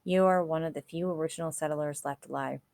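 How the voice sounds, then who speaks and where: A weakened captain speaks slowly and gravely in a low voice, a man near the end of his strength, as a woman reads his lines. The sound is close and dry, with no room around it. It belongs in a storybook reading. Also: fairly even intonation, darkish tone, dry recording. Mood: solemn. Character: wounded male captain, weak and solemn.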